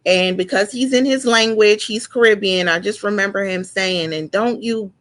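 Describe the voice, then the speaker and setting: Woman in her forties, halting and emotional. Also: mid-range voice, a bit bright. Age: 40s. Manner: halting, with many restarts and repeated words. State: emotional, close to tears. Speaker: guest sharing her story. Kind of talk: emotional personal testimony.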